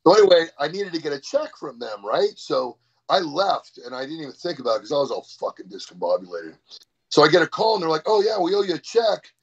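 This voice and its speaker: A man guest in a casual interview, telling an animated, profane story about powerlifting. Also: a little high, fast talker, slightly rough. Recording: dull lo-fi sound.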